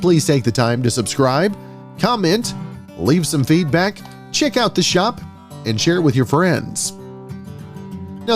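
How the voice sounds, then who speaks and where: A male podcast host with a slightly high voice reads his intro and then questions his guest. He stumbles and repeats words now and then as he checks his notes. Faint guitar music plays behind him. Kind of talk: scripted intro reading, then interview.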